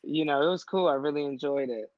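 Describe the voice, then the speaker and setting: Chill guy cohost telling stories, slightly high voice, dull lo-fi sound. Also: fast talker, no room sound. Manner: laid-back, storytelling, laughs easily. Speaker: podcast co-host. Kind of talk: casual chat.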